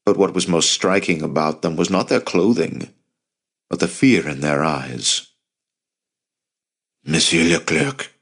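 Deep-voiced male audiobook narrator. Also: animated, measured pace. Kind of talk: scripted narration.

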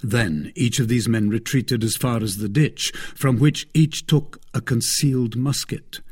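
Male narrator, husky voice, medium pitch, steady scripted reading. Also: unhurried. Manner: steady, even reading of a classic novel. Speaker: audiobook narrator.

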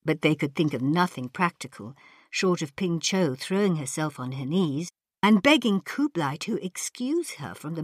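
A woman narrating an audiobook in a measured storytelling manner. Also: fairly low pitch, no echo, studio quality. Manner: measured storytelling, voices characters. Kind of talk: scripted narration.

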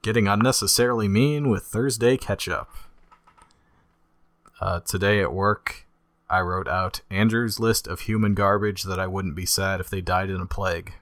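Deep baritone guy cohosting a podcast, deadpan jokes, dry close sound. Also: moderate pace, no room sound. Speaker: podcast co-host. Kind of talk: casual podcast chat.

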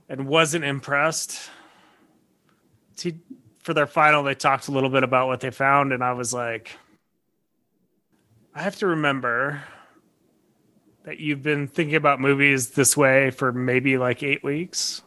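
Bright-voiced animated man telling stories. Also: medium pitch. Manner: animated storytelling, laughs often, restarts. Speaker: podcast co-host, college teacher. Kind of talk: casual chat.

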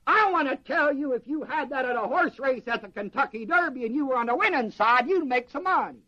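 A man preaching a sermon in an animated way, quizzing the congregation with questions. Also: very high-pitched, a little fast. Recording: dull lo-fi sermon recording.

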